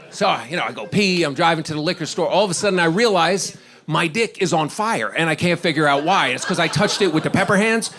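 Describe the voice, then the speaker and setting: Here a middle-aged stand-up comedian from Washington, D.C. rambles through his stories and cracks himself up. He talks fast, pitched on the high side, with a fairly bright tone.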